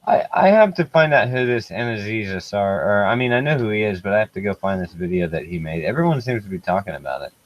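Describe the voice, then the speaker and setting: Male guest, low voice, hesitant casual talker, muffled dry call audio. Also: lively intonation, fast, hardly any pauses, no echo. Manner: hesitant, restarts, asks to repeat. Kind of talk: casual chat over an online call.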